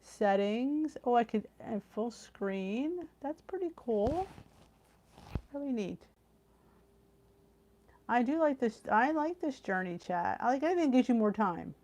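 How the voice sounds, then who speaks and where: A chatty, excitable middle-aged woman hosts a live cooking stream from home over a video call, casually chatting and reading viewer comments through her computer. Her voice is on the high side and unhurried, with long pauses. Tired and yawning from the heat, she gasps and trails off mid-thought.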